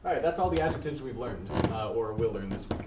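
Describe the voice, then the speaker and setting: A man teaching a Spanish lesson to a class, patient and encouraging, often pausing with ums and uhs. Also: medium pitch, expressive, very noisy. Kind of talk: classroom lesson, calling on students. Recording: distant, echoey, dull room recording.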